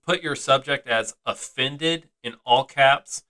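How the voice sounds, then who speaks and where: A man's voice: medium pitch, slow pace, pushed and bright. A man co-hosting a casual podcast, teasing his co-host and laughing often, with a slight Southern twang. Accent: slight American Southern twang.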